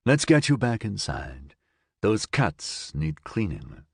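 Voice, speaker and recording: A man voicing a kind, patient man who speaks softly and reassuringly in a science fiction audiobook. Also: lowish voice, very animated, takes it slowly, vocal fry, slightly rough, no room sound, clean studio sound, full character voice. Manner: soft-spoken, soothing, reassuring. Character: calm, kind grown man, patient and gently amused.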